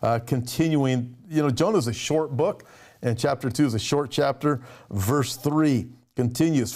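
A man preaching a conversational sermon, animated and acting out little quoted exchanges. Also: mid-range voice, a little slow. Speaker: pastor.

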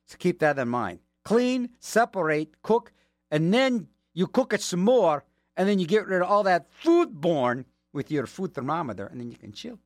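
A man's voice: a little high, no echo. A man working as a radio DJ, chatting casually between songs with rambling, joking asides, from a studio mic.

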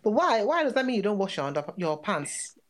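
Lively middle-aged woman, laughing as she talks. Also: mid-range voice, a little fast. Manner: animated, laughing through her story. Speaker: podcast guest. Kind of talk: comedic podcast chat.

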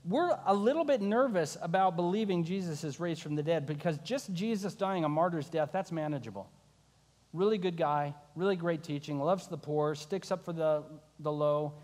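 A man's voice: on the high side, moderate pace, a little mellow, big-room sound. A man preaching a sermon as a pastor, telling the story with wry asides.

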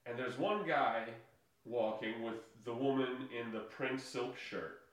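Heard from a distance, a medium-pitched man speaking at a measured pace recaps a film as a podcast co-host. The room echoes heavily, and his loose talk is full of fillers, restarts, and laughter.

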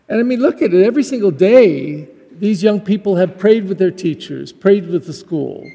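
High-voiced pastor in a reverberant church. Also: male voice, dark tone. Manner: conversational, heartfelt, with frequent restarts. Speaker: Catholic pastor. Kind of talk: graduation Mass homily. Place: church during Mass.

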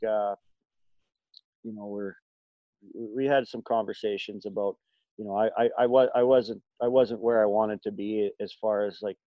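A man's voice: lowish voice, fairly even intonation, moderate pace, no room sound, highs cut off. A middle-aged man, a former hockey player, telling stories in a casual chat, rambling with many fillers and restarts. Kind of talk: casual storytelling.

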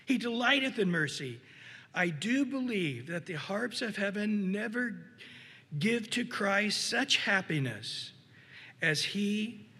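Male preacher, high and husky, animated sermon delivery in a hall with long reverb. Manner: animated preaching, acts out voices, many restarts. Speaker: pastor.

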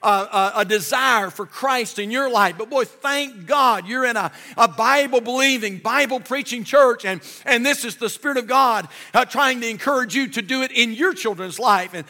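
A man's voice: extremely high pitch, moderate pace, hardly any pauses, sharp tone, long reverb tail. An older man preaching a sermon from a church pulpit, in a folksy, fervent way with many repeats. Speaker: pastor.

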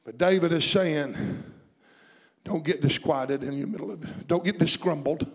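Gravelly high-voiced preacher in echoing hall. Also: male voice, normal speed. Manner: fervent, rhythmic preaching with repeated phrases. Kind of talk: sermon.

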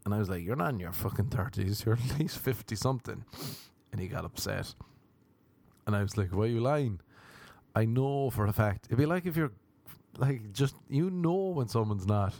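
A man's voice: fairly low pitch, animated, moderate pace, vocal fry, a little mellow, dry recording. A young Irish man hosting a podcast, telling crude, rambling stories in a casual monologue. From Ireland. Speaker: podcast host.

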